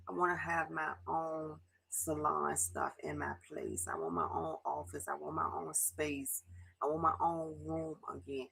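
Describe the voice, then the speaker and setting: A middle-aged woman from Baltimore talks straight to her viewers in a confessional vlog. Her voice is gravelly and husky, and she is close to tears. She speaks haltingly, restarts often, and sometimes sinks to a near whisper. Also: deep voice, a bit bright, rough recording. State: tearful, fighting back tears. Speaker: vlogger.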